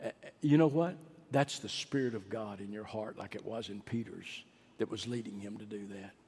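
Husky preacher in a reverberant church. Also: male voice, lowish voice, normal speed. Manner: swells to ringing climaxes, drops to hushed pleading. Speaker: pastor. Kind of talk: sermon with altar call. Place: large church sanctuary. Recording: long hall reverb.

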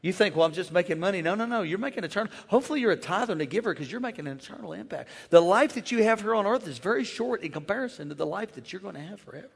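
A man who is a pastor, preaching a lively sermon and calling out to the congregation to join in. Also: high voice, rapid-fire, vocal fry, hardly any pauses, breathy edge. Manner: energetic, playful call-and-response with the crowd. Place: large church. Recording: long church hall reverb.

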